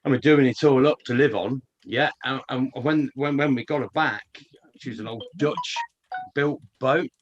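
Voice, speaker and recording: A co-host tells stories with eager excitement, stumbling over repeated words as he hurries ahead. His voice sits at an ordinary mid pitch for a man. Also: moderate pace, muffled recording, a little hiss or hum. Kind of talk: casual storytelling chat.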